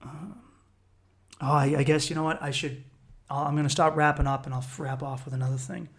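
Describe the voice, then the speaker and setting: A man's voice: mid-range voice, level tone, a little fast, fairly bright tone. A man hosting a solo podcast, talking in a rambling, reflective and profane way. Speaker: podcast host. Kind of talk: casual solo podcast monologue.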